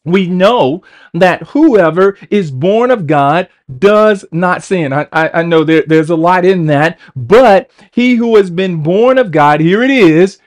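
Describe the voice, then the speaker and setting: High-voiced man preaching a sermon. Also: animated, slow, hardly any pauses. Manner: repeats words and stumbles, calls for responses. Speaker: pastor.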